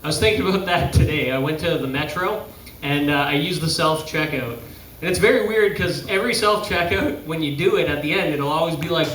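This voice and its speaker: High-voiced male comedy emcee. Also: far from the mic, background noise. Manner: quick riffing banter between acts. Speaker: comedy show host. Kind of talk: emceeing a stand-up show. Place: small pizza pub stage. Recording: echoey room, off-mic, crowd behind.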